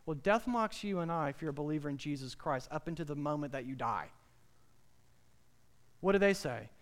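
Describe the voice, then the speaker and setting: Male preacher, sermon, emphatic, rhetorical questions, high voice. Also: sing-song, a little fast.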